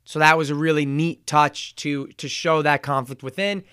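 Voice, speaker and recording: A man with a fairly high, smooth voice walks through a show's scenes in a relaxed, chatty review. He trips over words, corrects himself and fills gaps with "um". The sound is dry and close, with no room around it. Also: normal speed, no room sound. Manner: chatty, retells scenes with fillers and self-corrections. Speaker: show reviewer. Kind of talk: casual recap and review.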